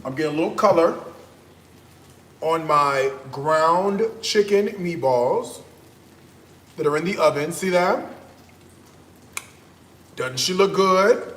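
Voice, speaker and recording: Speaking slowly with frequent pauses, this man hosts a cooking channel and chats directly to viewers in casual vlog style, his high voice a bit bright. He's exuberant, breaking into high whoops and delighted moans, and the kitchen sounds echoey.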